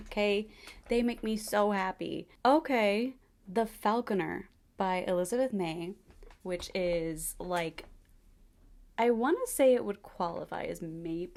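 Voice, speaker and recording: A woman in a casual, animated chat to camera as a book reviewer, gushing over her favourite reads. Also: fairly low pitch.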